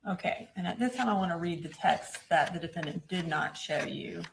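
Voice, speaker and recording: A woman with a low, gravelly voice questions a witness in a courtroom. She works through the evidence step by step, in a measured, procedural manner, with a faint hiss in the background. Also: low-quality recording. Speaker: prosecutor.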